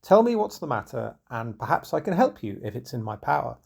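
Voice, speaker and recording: Robin Hood, as a man reads him gently. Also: medium pitch, very animated, brisk, vocal fry, heavily acted. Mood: gentle. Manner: soft, warm coaxing tone. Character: Robin Hood, kindly male outlaw, gentle and coaxing.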